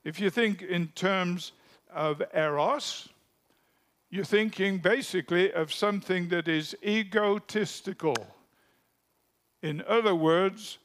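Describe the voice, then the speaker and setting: A man preaching a sermon in a deliberate, emphatic way, letting his phrases trail off softly at the ends. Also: high voice.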